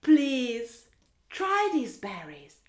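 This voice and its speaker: Storybook bear, male, gentle and grumbly: slow, low, breathy half-whisper from a woman reading aloud, in an echoey room. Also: huge pitch swings, exaggerated voice. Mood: coaxing.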